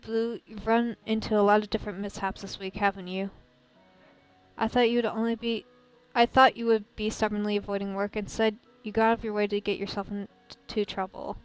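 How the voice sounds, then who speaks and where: A woman voicing a tired, gentle young man who teases softly in a visual novel game. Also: medium pitch, level tone, fairly quick, smooth, faint music behind, natural voice, poor audio. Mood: gentle teasing.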